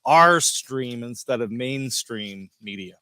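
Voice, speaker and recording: A man's voice: medium pitch, lively intonation, slow pace, pushed and bright, clean tone, dry recording, studio quality. A man hosting a live show, upbeat and gracious in casual chat. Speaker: host.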